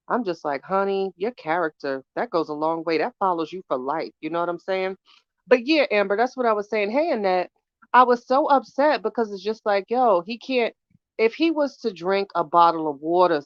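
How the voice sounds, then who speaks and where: A hoarse woman chats casually on a live stream, calling out viewers by name in a fairly low voice. Her phone audio sounds dull and lo-fi in a dry, close space. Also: no echo. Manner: chatty, greets viewers by name, talks to chat. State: hoarse from bronchitis. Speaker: podcast host doing a live stream.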